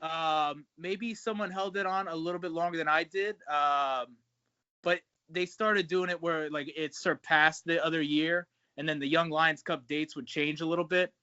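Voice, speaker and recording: A man's voice: fairly high pitch, fairly even intonation, normal speed, bright, forceful tone, clear, resonant tone, no echo. A man who wrestles, chatting casually in an interview, swearing freely and calling people man and bro, over a video call. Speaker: pro wrestler guest. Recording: dull lo-fi sound.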